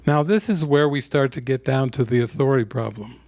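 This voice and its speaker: A male spiritual teacher speaking at a middle, even pitch, unhurried and conversational as he tells a story. The recording is close and dry, with no room sound. His talk moves through scenes and teaching points in a calm, plain manner. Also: no room sound, muffled recording. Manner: storytelling, retells scenes with acted quotes. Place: online retreat session.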